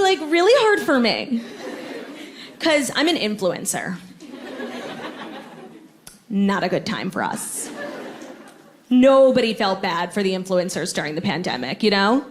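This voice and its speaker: A woman's voice: mid-range voice, sing-song, measured pace, long pauses, background noise. A young woman doing a stand-up comedy set on a theatre stage, brash and self-absorbed, with dry sarcasm. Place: theatre stage before a live audience. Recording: live theatre recording with crowd laughter. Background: audience laughter.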